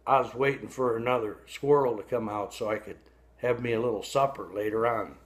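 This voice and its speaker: A man voicing a boastful old male bass fish who spins a tall tale in a casual, bragging manner. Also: fairly even intonation, fairly quick, natural voice.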